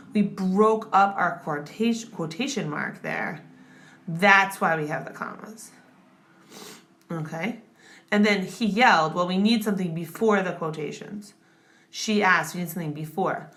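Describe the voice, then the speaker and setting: A woman with a medium-pitched, fairly bright voice tutors grammar, explaining things step by step like a classroom lesson. She's patient and often checks in with "okay?" and "right?".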